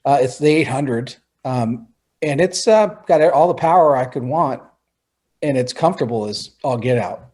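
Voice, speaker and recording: A man chatting casually on a podcast in a relaxed, plain-spoken way. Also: medium pitch, moderate pace, slightly rough. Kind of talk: casual chat.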